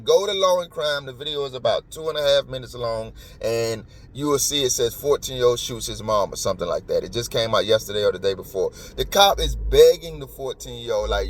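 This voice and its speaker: A man's voice: mid-range voice, a little fast, few pauses, a little hiss or hum. A man hosting a podcast, talking in an emotional, emphatic and rambling way. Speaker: podcast host. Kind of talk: casual commentary.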